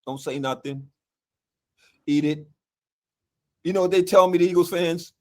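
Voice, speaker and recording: A man in a casual sports rant, animated and exasperated, tagging his points with "okay". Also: a little high, normal speed. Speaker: football fan commentator.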